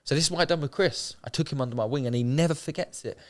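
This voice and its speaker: His voice is a little high and racing: a young homeless charity founder telling his story in an emotional podcast interview. He comes across as earnest and heartfelt, uses colloquial speech, and often says phrases again for emphasis.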